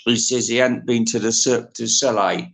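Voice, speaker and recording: A man's voice: medium pitch, normal speed, gravelly, fairly bright tone. A man hosting a video, delivering a crude, mocking comic rant. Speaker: video host.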